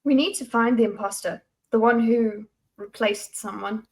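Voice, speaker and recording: A woman's voice: a little high, moderate pace. A woman reading the lines of a determined young woman investigator, in a probing, insistent way.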